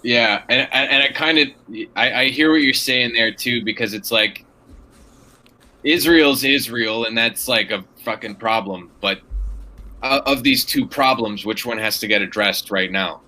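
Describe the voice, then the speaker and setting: A man chatting casually, halting with many fillers and restarts. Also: mid-range voice, sharp tone, a little hiss or hum, poor audio. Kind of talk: casual chat.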